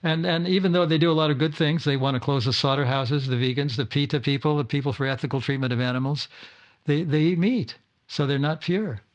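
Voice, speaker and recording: A man's voice: fairly high pitch, a little fast, muffled recording. An older man giving an informal talk to his disciples at a home gathering, often stumbling, repeating words and restarting sentences. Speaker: spiritual teacher.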